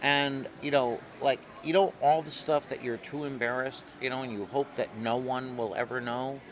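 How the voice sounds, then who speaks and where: A man telling stories in an interview, lively and acting out other people's voices. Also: mid-range voice, normal speed, slight background noise. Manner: animated storyteller, acts out voices in anecdotes. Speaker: comic artist guest. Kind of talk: storytelling interview. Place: convention floor.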